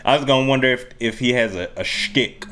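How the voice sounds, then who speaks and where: A man's voice: mid-range voice, a little fast, fairly bright tone. A man co-hosting a reaction video, chatting casually in a laid-back, joking, slangy way.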